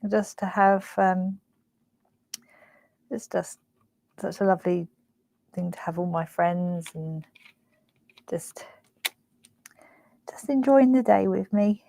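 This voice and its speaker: A woman's voice: medium pitch, takes it slowly, gravelly, pauses often, rough recording. A young woman hosting a craft live stream, chatting emotionally with lots of fillers. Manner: gushing, emotional, soft-spoken with many fillers. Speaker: craft show host. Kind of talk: casual live-stream chat.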